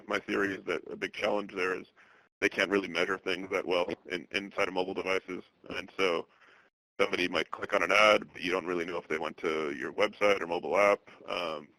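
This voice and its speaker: A man in his thirties from the Boston area presents a webinar. He talks in a steady monotone, full of fillers and restarts. His voice sits low with a bright, forward edge, and the recording is dry and close. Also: dry recording, low-quality recording. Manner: halting, many fillers and restarts; monotone delivery.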